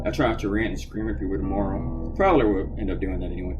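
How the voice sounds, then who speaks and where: A man's voice: fairly low pitch, rapid-fire, highs cut off, over loud music. A middle-aged man, a cartoonist, ranting angrily and profanely while drawing on a live stream. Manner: angry, profane, animated.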